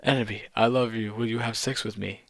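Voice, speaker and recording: A man voicing a pathetic villain henchman in a comic read-aloud, with rushed, fawning lines. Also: on the low side, steady tone, no room sound, lightly acted.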